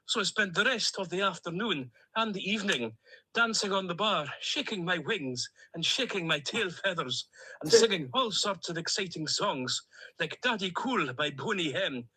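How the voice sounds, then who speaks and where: A man's voice: high voice, expressive, moderate pace, sharp tone, slightly rough, heavily acted, low-quality recording. A man voicing a chatty plastic male duck with a Stornoway accent, who tells long, jolly, rambling stories in a comic voice-note monologue. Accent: Scottish, Stornoway.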